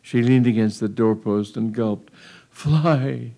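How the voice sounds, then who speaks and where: A man's voice: fairly low pitch, lively intonation, unhurried, warm tone. A man reading a humorous story aloud in a wry, amused storytelling manner. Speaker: narrator. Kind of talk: audiobook reading of a comic tale.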